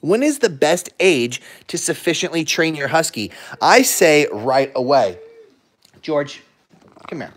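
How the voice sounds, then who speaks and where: A young man hosting a casual livestream, chatting playfully and talking softly to his pets between answers. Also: on the high side, very animated, measured pace. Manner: playful, talks to his pets in soft baby talk and voices their thoughts. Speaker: livestream host with dogs.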